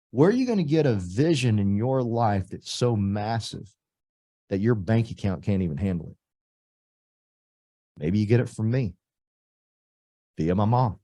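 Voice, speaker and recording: A middle-aged man from Texas, giving an emphatic motivational recruiting speech that swings between loud punches and soft asides. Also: fairly low pitch. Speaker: real estate company leader.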